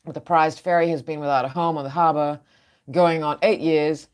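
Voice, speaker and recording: A woman's voice: low voice, fairly even intonation, normal speed, smooth. A woman hosting an opinionated news show, outspoken and sarcastic in her asides.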